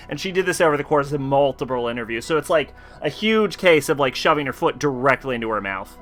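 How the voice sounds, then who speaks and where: Faint music plays behind a man whose mid-range voice is animated and fast, with hardly any pauses. He's streaming a video game and chatting loosely, rambling along with plenty of swearing and filler words.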